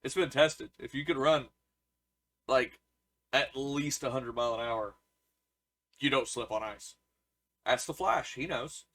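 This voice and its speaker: A man's voice: mid-range voice, unhurried, long pauses, fairly bright tone. Goofy man reading joke headlines. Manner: goofy, stumbles over reading. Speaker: podcast co-host. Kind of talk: casual banter, reading news jokes.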